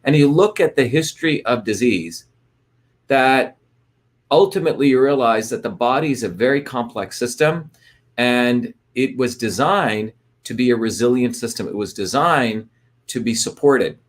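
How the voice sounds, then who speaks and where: A man's voice: mid-range voice, animated, moderate pace. A man hosting a live online talk, greeting viewers by place and explaining ideas in a loose, rambling way with many fillers and restarts. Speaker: livestream host. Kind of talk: casual livestream talk.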